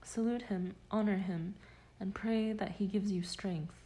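A woman reading the lines of a friar gently urging a condemned man, in an audiobook. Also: mid-range voice, fairly even intonation, measured pace, lightly acted. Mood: consoling.

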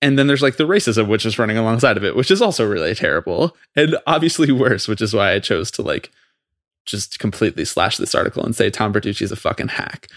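Low-ish voiced guy going off on a podcast, swearing a lot, super dry close mic. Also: sing-song, a bit bright, dry recording. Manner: fast, profane, exasperated ranting. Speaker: podcast co-host. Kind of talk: heated casual podcast rant.

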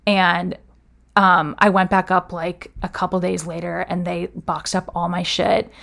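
A woman's voice: on the low side, little pitch movement, a little slow, vocal fry, fairly bright tone. A young woman casually telling a personal story, filling it with "like" and acting out what people said. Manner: chatty, full of "like" fillers, acts out quoted dialogue.

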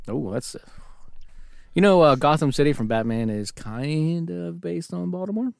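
A man's voice: fairly high pitch, expressive, moderate pace, vocal fry, a little mellow, clear, resonant tone, dry recording, clean studio sound. Jokey man in casual podcast chat. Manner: joking, laughs often, playful wordplay. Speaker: podcast co-host.

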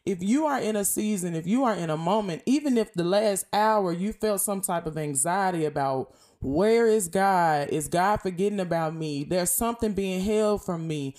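Animated young woman preaching casually. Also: on the low side, normal speed, few pauses. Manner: lively, animated, preachy and conversational. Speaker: podcast host. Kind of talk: casual faith talk.

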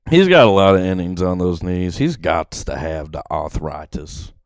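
A man's voice: deep voice, animated, moderate pace, no echo, low-quality recording. A man co-hosting a casual sports podcast, joking around and slipping into silly put-on voices. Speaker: podcast co-host. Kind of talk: casual chat.

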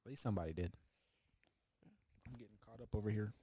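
A man's voice: fairly low pitch, quick pace, warm tone, a little hiss or hum. A young man hosting a podcast, chatting casually and rambling through funny stories. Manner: joking, rambling storyteller. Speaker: podcast host. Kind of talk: casual chat.

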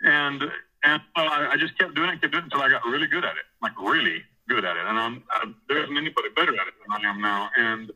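A man's voice: medium pitch, fast talker, sharp tone, rough recording. A man in prison telling a rambling, profane story about taking over church services, often acting out what others said. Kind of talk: casual storytelling interview.

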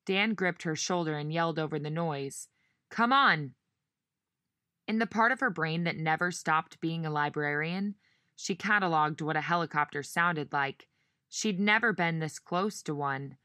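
A woman narrating a novel in measured storytelling style, giving each character a voice. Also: low voice, bright, forceful tone, no room sound, clean studio sound. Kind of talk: audiobook narration.

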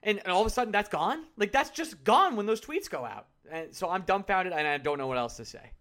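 A man with a high, bright, forceful voice co-hosts a sports podcast. He rants in casual, animated bursts and hammers his points home by repeating them. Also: a little fast. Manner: animated ranting, emphatic repetition. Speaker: podcast co-host.

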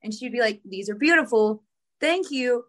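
A young woman co-hosting a podcast, chatting in a relaxed, reflective way with frequent fillers. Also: fairly high pitch, normal speed. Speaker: podcast co-host. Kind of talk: casual chat.

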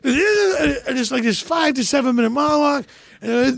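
A man telling a story in casual podcast chat, animated and profane, acting out other people's voices. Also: very high voice, normal speed, gravelly, no room sound. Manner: animated, profane, acts out voices and a crying movie monologue.

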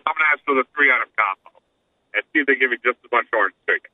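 A man's voice: mid-range voice, wildly swooping pitch, fast, dry recording. A man co-hosting a podcast, teasing and joking in casual chat. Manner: teasing, wisecracking. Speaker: podcast co-host. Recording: tinny phone-like sound.

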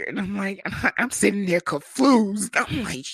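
A young man from the United States telling a comedic personal story, swearing freely and jumping into high voices to imitate others. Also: very animated, unhurried, hardly any pauses, husky, dry recording.

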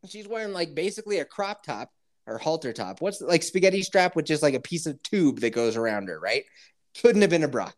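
A woman podcast co-host telling a story in casual chat over a remote call, profane and animated, laughing often. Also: sits low, a little fast.

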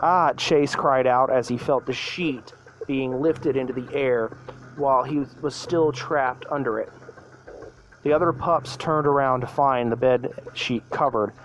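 A man's voice: medium pitch, steady tone, unhurried, poor audio. Man stumbling through a storybook reading. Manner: stumbling, self-correcting reading. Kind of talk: reading a fan story aloud.

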